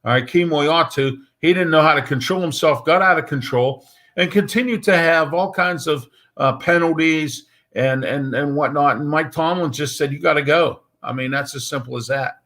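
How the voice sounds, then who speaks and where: This sports talk host speaks in a slightly high, fairly bright voice at a moderate pace. Opinionated and blunt, he rambles through a casual live monologue full of filler words and frequent "okay?" check-ins.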